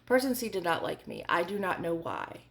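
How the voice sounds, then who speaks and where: A woman's voice: lowish voice, sing-song, fairly quick. A woman in her forties telling a candid storytime vlog in a chatty way, full of fillers. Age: 40s. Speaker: vlogger.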